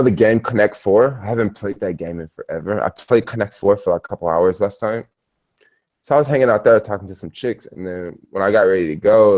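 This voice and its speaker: A travel vlogger with a low voice and darkish tone chats casually on a livestream from his hotel bedroom. He tells stories in a rambling, slangy way.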